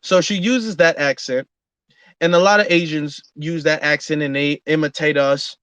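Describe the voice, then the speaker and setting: A man's voice: a little high, fairly even intonation, moderate pace, fairly bright tone, clean tone, no echo. A man hosting an online audio room, talking in an earnest casual monologue with frequent fillers and restarts. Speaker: host.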